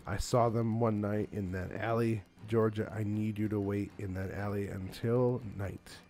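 A man's voice: on the low side, steady tone, measured pace, warm tone. A man voicing a solemn wise talking cat.

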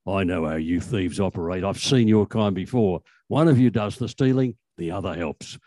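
A man putting on a big, gruff constable who growls in a low, dark voice. He drops below the reader's usual pitch, and the sound stays dry and close. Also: normal speed, no echo, close to an everyday voice. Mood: menacing. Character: large gruff male constable, menacing.

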